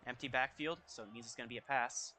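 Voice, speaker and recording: A young man giving casual, excitable commentary over a football video game, reacting out loud to each play. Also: mid-range voice, fast, a little hiss or hum. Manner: excitable, reacting loudly to plays. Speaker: gaming YouTuber. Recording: faint music behind.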